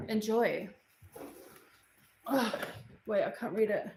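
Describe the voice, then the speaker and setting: A woman's voice: medium pitch, slow, pauses often, a little mellow, roomy sound, a little hiss or hum, rough recording. An Australian woman from Queensland chatting bluntly on a home livestream, answering viewer comments. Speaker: livestream host. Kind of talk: casual livestream chat. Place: home, indoors.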